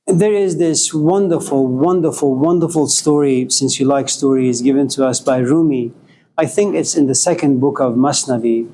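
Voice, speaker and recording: Man lecturing, mellow voice, faint room noise. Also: medium pitch, moderate pace. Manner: joking, storytelling, conversational. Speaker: spiritual lecturer. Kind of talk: informal lecture with audience questions. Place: lecture room with live audience.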